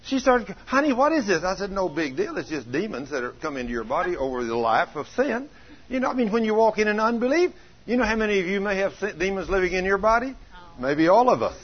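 Preacher guy telling a story, acts out everybody's lines, kinda raspy, dull old recording. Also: high-pitched, big pitch swings, fast talker. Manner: folksy, plays out dialogue in changing voices. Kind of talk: sermon storytelling.

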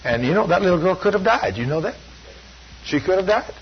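A man's voice: high voice, big pitch swings, brisk, slight background noise. An older man preaching a folksy sermon, plain-spoken and full of homespun stories. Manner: plain-spoken, storytelling, self-deprecating. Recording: dull lo-fi sound.

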